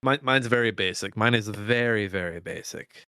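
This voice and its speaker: A man's voice: fairly low pitch, moderate pace, gravelly, bright, forceful tone, clean tone, no room sound, clean studio sound. A man co-hosting a casual movie podcast, swearing freely and acting out quotes in silly voices. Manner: profane, jokey, acts out quotes. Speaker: podcast co-host.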